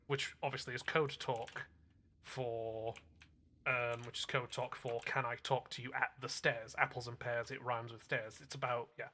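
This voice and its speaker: A man's voice: medium pitch, little pitch movement, normal speed, sharp tone. A man from England, chatting casually while streaming a game and explaining things in rambling, filler-heavy asides. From Northwest England. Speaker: gaming streamer. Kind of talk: casual gameplay chat.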